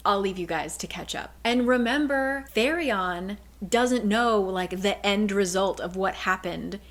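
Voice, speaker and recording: A woman casually retelling a book's plot, chatty and animated, filling her speech with "like" and briefly mimicking the characters. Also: medium pitch, measured pace. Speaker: book summary vlogger.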